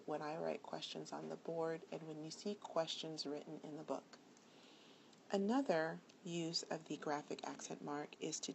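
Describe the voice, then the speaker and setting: Gravelly-voiced woman teaching a lesson. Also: a little mellow. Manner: slow and explanatory, repeating example words. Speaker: Spanish teacher. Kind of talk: classroom lecture. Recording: faint background noise and low rumble.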